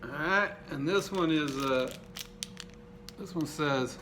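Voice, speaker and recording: A man hosting a casual unboxing vlog, cracking crude, profane jokes with deadpan self-mockery. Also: fairly high pitch, slow pace, long pauses, a little hiss or hum. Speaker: video host.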